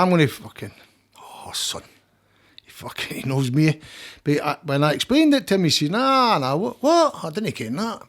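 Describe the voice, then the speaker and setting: An older Scottish man talking as a podcast guest, blunt and rambling, with frequent swearing. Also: fairly high pitch. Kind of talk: casual conversation.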